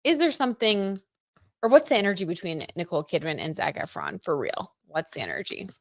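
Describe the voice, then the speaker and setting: A woman's voice: fairly low pitch, very animated, fairly quick, no room sound, clean studio sound. A woman hosting a tarot livestream, chatty and giggly, talking straight to her viewers. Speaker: tarot reader, livestream host. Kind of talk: casual livestream chat, tarot reading.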